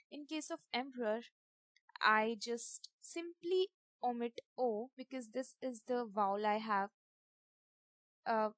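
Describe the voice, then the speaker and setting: A woman, teaching a grammar lesson over slides in a methodical way, spelling out letters and repeating examples slowly. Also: a little high, fairly bright tone, no room sound.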